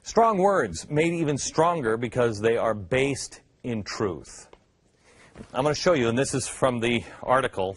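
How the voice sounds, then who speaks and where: A man hosting a talk show, delivering opinion commentary with sarcastic, mocking asides and jumps in pitch. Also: sing-song, normal speed, a bit bright, breathy edge, no room sound.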